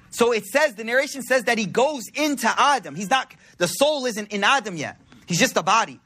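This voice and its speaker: A man's voice: extremely high pitch, lively intonation, normal speed, few pauses, sharp tone, husky. A man giving a religious talk to a congregation in a conversational, slangy storytelling way. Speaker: religious speaker.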